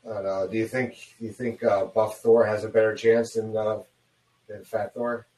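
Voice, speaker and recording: A man's voice: lowish voice, little pitch movement, moderate pace, warm tone, roomy sound, low-quality recording. A man co-hosting a movie watch-along commentary, chatting casually and dropping frequent yeahs and mm-hmms. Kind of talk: casual chat.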